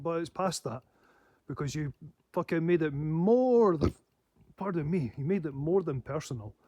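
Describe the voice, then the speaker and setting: A man's voice: fairly high pitch, a little mellow, no echo. A man rambling in a casual monologue, swearing heavily and laughing to himself. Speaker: paranormal channel host.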